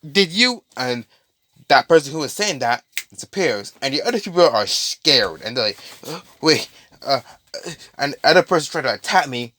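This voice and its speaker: A man's voice: mid-range voice, animated, brisk, pushed and bright, no echo. A man casually improvising a made-up story, rambling with many restarts and asides.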